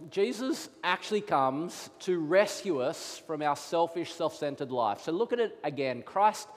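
Man, pastor, sermon, thirties, slightly high voice, echoing church hall. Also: a little slow. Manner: animated storytelling, acts out his children's voices. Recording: long hall reverb.

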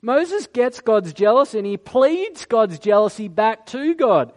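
A man's voice: sits high, sing-song, measured pace, darkish tone. A man preaching a sermon, telling the story with animation and acting out the lines of the people he quotes.

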